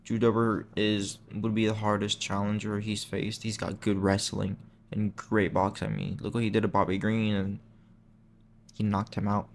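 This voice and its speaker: A man's voice: on the low side, flat delivery, moderate pace, gravelly, slight background noise. A young man hosting a channel, talking in a casual, rambling way that is full of slang and self-corrections. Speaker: MMA channel host. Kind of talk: casual chat.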